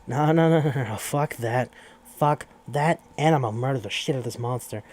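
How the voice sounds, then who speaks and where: A vengeful killer, as a man puts him on, swearing and threatening. His voice has a mellow, dark tone behind the menace. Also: medium pitch, brisk, lightly acted. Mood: menacing. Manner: profane, threatening. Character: murderous vengeful adult man.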